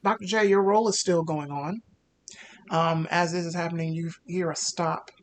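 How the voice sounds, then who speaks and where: A man narrating a tabletop game as game master, casual and halting with many fillers. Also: a little high, steady tone, slight background noise.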